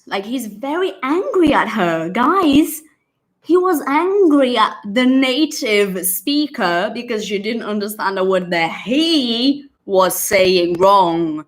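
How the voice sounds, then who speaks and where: A woman with a Brazilian accent teaching English in a casual live online lesson, chatty and animated as she retells a story. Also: fairly high pitch, a little slow. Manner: chatty and animated, retells scenes with acted quotes.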